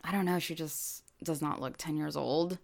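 A woman's voice: deep voice, normal speed, gravelly. A woman co-hosting a podcast, telling a story in casual chat with many fillers. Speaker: podcast co-host.

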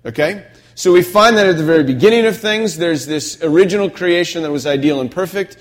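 A man preaching a casual, conversational sermon with a slightly high voice. He talks like he's explaining to friends and keeps checking that everyone is following. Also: fairly quick. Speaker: pastor.

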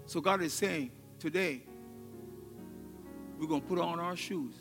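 A man's voice: fairly high pitch, unhurried, gravelly, fairly bright tone. A male pastor preaching a sermon with exclamations, laughter and call-and-response, in a church sanctuary. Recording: long hall reverb, faint music.

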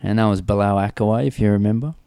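Dark-voiced man telling stories. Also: fairly low pitch, quick pace, vocal fry, clear, resonant tone. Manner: animated storyteller, laughs often, speaks in bursts. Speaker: host and former team staff member. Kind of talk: conversational podcast interview.

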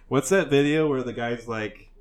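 A young man hosting a casual podcast, telling prank stories loosely with a lot of swearing and frequent laughter. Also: mid-range voice. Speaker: podcast host. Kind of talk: casual chat.

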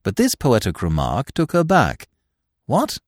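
Expressive low-voiced male storyteller. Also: normal speed, no room sound, studio quality. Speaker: narrator. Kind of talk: audiobook narration of classic fiction.

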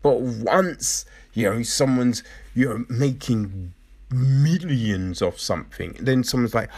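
A man giving a casual commentary monologue, laughing often, swearing and mimicking others in quick asides. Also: mid-range voice, darkish tone, slightly rough.

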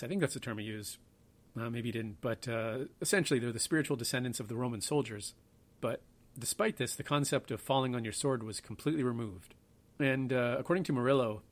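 A man hosting a history podcast, talking in a rambling, offhand way with self-deprecating asides. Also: medium pitch. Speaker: podcast host. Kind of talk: casual history podcast talk.

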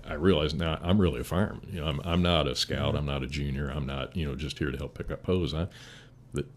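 Older fire chief, very deep, calm storyteller with restarts. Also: male voice, quick pace, slight background noise. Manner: calm, steady, rambling with restarts. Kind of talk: casual interview storytelling.

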